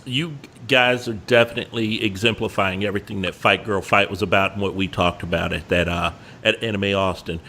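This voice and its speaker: A man hosting a podcast, asking questions in a relaxed, conversational way. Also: lowish voice, fairly quick, few pauses, a little hiss or hum. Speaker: podcast host. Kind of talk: casual interview questions.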